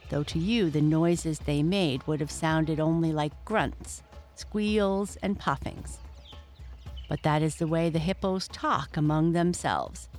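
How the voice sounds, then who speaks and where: A narrator reading a children's animal story aloud, speaking straight to the young listener. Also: mid-range voice. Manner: measured, addresses the listener.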